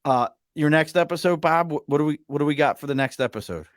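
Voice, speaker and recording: A man's voice: on the high side, fast, dry recording, studio quality. Joking Baltimore man hosting a podcast. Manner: animated, joking, teasing. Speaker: podcast host. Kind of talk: casual interview chat.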